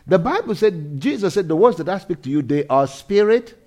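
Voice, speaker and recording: A man preaching a sermon, animated, swinging from loud shouts to quiet intensity, laughing between lines. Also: high-pitched, a little fast. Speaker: pastor.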